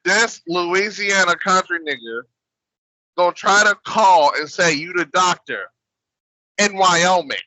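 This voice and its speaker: A man co-hosting a podcast, cracking crude jokes in loud casual chat. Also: sits high, lively intonation, takes it slowly, dry recording, low-quality recording. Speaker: podcast co-host.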